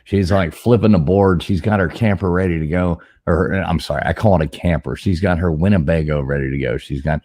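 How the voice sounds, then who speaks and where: Deep, mellow-voiced man joking dryly. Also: steady tone, moderate pace. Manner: dry joking banter, swears. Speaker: co-host of a live trivia stream. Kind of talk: casual chat. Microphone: streaming call mic.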